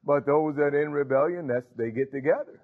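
A man preaches in a fairly high voice, driving his points home and answering himself with interjections. The sound is thin and tinny, like a phone line. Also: brisk. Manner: emphatic preaching with call-and-response interjections. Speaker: pastor. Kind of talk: sermon.

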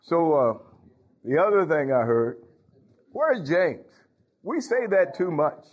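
A man's voice: fairly high pitch, big pitch swings, slow, breathy edge, dull audio. A man preaching a folksy sermon as pastor, talking straight to his congregation and dropping in hallelujahs. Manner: folksy, talks to congregation, frequent hallelujahs and laughs.

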